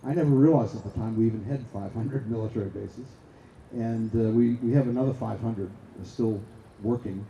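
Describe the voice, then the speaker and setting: A man's voice: fairly low pitch, moderate pace, dark tone, lo-fi sound, slight background noise. An older man from Boston with a Boston accent, giving a conference talk at a stand microphone with many fillers and restarts. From Boston area. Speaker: conference speaker. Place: lecture hall. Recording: roomy hall, faint ambience.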